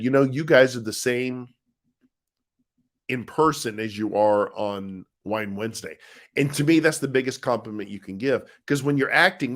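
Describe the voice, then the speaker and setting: A middle-aged man co-hosting a casual live stream, chatting in a rambling, easygoing way as he answers viewer comments. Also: mid-range voice. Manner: easygoing, rambling, with frequent restarts and laughs. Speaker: co-host of a live chat show, husband of the author.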